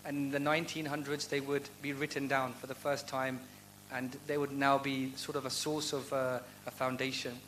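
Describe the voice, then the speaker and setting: A man's voice: mid-range voice, little pitch movement, normal speed, a bit bright, a little hiss or hum, rough recording. A man speaking earnestly at a university event, answering audience questions in a heartfelt devotional talk full of rhetorical questions. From United Kingdom.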